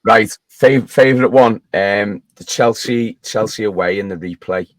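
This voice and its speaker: Man, lowish voice, dry sound; podcast co-host on a remote call, rambling storyteller who restarts his sentences. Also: moderate pace, no echo. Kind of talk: casual chat.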